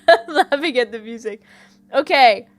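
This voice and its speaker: A woman's voice: sits high, lively intonation, measured pace. A woman streaming a detective game, chatting with viewers, giggling and reading the game text aloud. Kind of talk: casual let's-play commentary. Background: faint background music.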